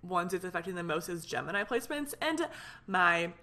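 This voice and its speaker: A woman's voice: on the low side, animated, fairly quick, pushed and bright. A young woman hosting her own solo podcast, talking in a fired-up, rambling way with lots of fillers. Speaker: podcast host. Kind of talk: casual solo podcast venting.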